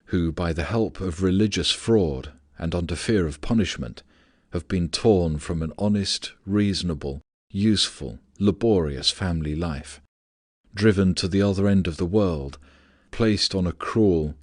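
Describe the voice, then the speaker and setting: A man narrating a philosophical audiobook in a measured, steady reading voice. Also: low voice, no room sound, studio quality.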